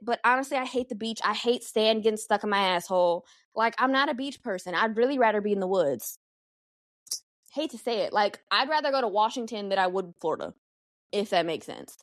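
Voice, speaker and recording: A young woman hosting a casual solo podcast, animated and slangy, swearing freely as she talks. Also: medium pitch, no room sound, studio quality. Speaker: podcast host.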